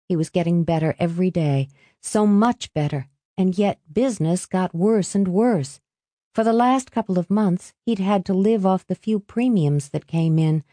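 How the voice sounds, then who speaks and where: Woman audiobook narrator, very low voice, mellow tone, dry close sound, steady reading. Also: no room sound. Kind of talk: scripted narration.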